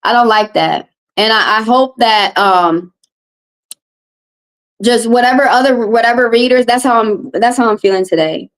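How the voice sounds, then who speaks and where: A woman's voice: a little high, normal speed. A woman tarot reader from the American South, ranting to her live-stream chat in an upset, confrontational way and repeating herself. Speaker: tarot reader and livestream host. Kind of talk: heated live-stream rant.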